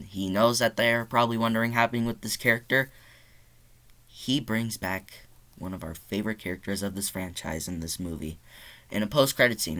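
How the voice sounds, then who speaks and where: A young man talks from his bedroom in a bright, forceful voice, gushing about a movie he loves. His talk runs loose and rambling, full of "like" and casual swearing, in an unscripted review monologue. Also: medium pitch, clean tone. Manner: excited, rambling, swears often, says "like" a lot.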